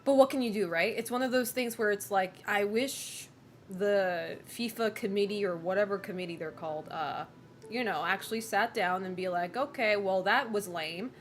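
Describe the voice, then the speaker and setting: A woman's voice: mid-range voice, moderate pace, slight background noise. A woman streamer chatting casually and rambling, swearing freely and greeting viewers. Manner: rambling, swearing, laughs often. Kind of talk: casual chat while streaming.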